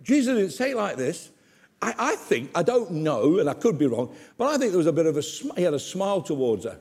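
A man's voice: on the high side, big pitch swings, brisk, darkish tone, husky. An older man preaching a sermon, acting out Bible scenes with humor and asides to the congregation.

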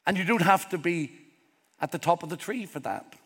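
A man's voice: high voice, lively intonation, moderate pace, vocal fry, slightly rough. A middle-aged man preaching a sermon as pastor, earnest and openly vulnerable, rising to emphatic peaks. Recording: long hall reverb.

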